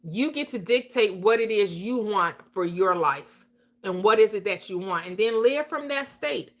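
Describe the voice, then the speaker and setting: On her livestream, a woman gives an informal motivational talk full of emphatic, preachy points and regular laughter. Her mid-range voice is animated and moves at a normal speed.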